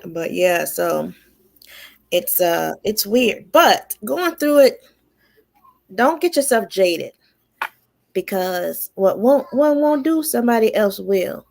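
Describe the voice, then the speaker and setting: Gravelly, animated woman tarot reader. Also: medium pitch, takes it slowly, long pauses. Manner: animated, affirming, laughs often. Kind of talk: casual radio talk.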